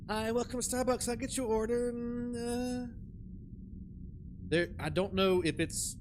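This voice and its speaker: A man's voice: medium pitch, background noise. A man streaming a horror game, chatting casually and telling jokey stories, mimicking people as he goes. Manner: animated, jokey storyteller who mimics people. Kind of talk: casual gaming commentary.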